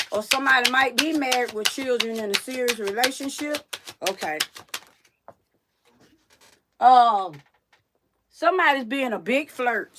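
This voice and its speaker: A woman's voice: on the high side, a bit bright, slight background noise. A woman hosting a casual livestream card reading, chatting loosely and repeating herself to her viewers. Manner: chatty, repetitive, addresses viewers as y'all. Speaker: psychic card reader host.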